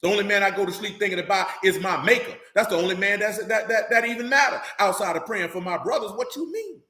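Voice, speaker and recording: A man with a high, bright, forceful voice delivers a fiery street-style sermon, coarse and blunt. He repeats lines to drive each point home. The sound carries a roomy echo. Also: quick pace. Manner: preachy, blunt and profane, repeating lines for emphasis. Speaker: street preacher.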